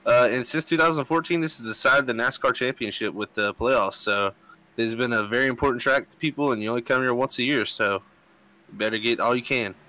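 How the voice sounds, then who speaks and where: A man's voice: medium pitch, fairly quick, pushed and bright, rough recording. A man co-announcing a racing broadcast, giving track facts in a filler-heavy, informative way. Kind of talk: race commentary and track facts. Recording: faint background noise.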